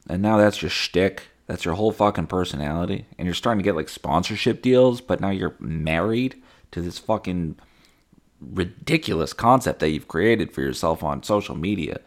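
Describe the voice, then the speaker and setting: Young male podcast host, low-pitched, profane, rambling, deadpan sarcasm with mock voices. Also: moderate pace. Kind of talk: casual solo podcast monologue.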